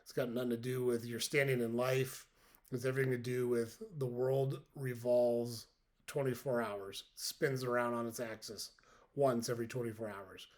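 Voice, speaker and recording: A man's voice: medium pitch, level tone, normal speed, a little mellow. A man in his fifties hosts a podcast and speaks straight to his listeners in an earnest, direct manner. He drives his points home by repeating them. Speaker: podcast host. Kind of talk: motivational monologue.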